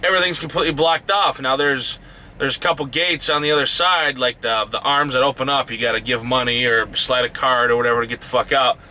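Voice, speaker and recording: A man's voice: medium pitch, steady tone, brisk, sharp tone. A man who drives trucks, ranting angrily about a truck stop in a heated, profane, rising voice. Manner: heated, swears constantly, voice rising in outrage. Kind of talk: angry profane rant.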